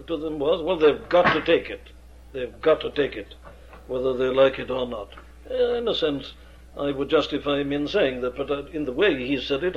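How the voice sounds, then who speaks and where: A man, an experienced preacher lecturing earnestly on how to preach, with emphatic rhetorical questions. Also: mid-range voice. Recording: dull lo-fi archive recording.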